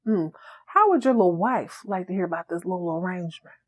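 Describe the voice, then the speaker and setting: A woman's voice: on the low side, lively intonation, brisk. A woman voicing a giddy young woman gold digger, sassy and dramatic. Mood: furious.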